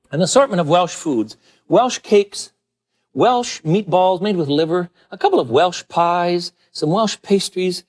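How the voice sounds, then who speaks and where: A male cooking show host with a fairly high voice that swoops up and down. He talks through dishes to the camera with animated, folksy enthusiasm. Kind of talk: TV cooking demonstration.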